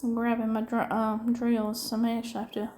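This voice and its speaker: A woman's voice: a little high, monotone, brisk, a little mellow, a little hiss or hum. A middle-aged woman with a Southern US accent from upstate South Carolina, chatting in a rambling, folksy way while she crafts. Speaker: diamond painting vlogger.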